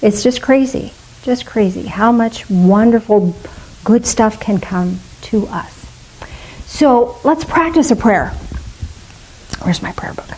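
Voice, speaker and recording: A woman's voice: fairly high pitch, expressive, takes it slowly, darkish tone, slight background noise, poor audio. A middle-aged woman minister giving a spiritual talk to a congregation, playful and musing aloud with asides.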